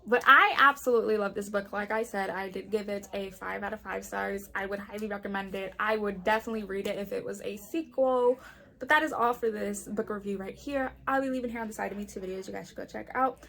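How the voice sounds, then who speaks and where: A woman's voice: mid-range voice, quick pace, creaky, pushed and bright. A young woman chatting casually in a book review vlog, often saying "like" and acting out the characters' lines. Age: young adult.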